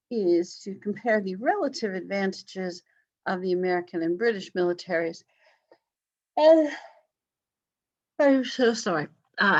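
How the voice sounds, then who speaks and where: A woman's voice: on the low side, a bit bright. A woman teaching a history class online, casual and apologetic, with many fillers. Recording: slightly dull lo-fi call audio.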